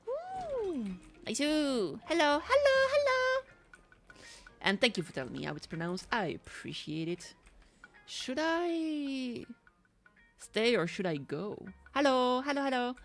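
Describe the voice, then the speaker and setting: A woman streaming a game and chatting casually with viewers, bubbly and excitable, swearing now and then. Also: medium pitch. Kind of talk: casual live-stream chat while gaming.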